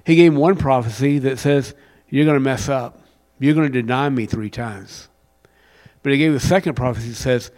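A man preaching a sermon, rising to loud emphatic passages and dropping to a near whisper. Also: medium pitch. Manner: reads scripture with plain conversational paraphrase. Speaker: pastor.

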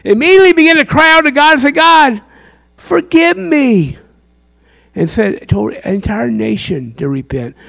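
A man's voice: very high-pitched, animated, quick pace, gravelly, hardly any pauses, fairly bright tone. A man preaching a sermon, impassioned and quizzing his listeners with questions. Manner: impassioned, asks the crowd questions.

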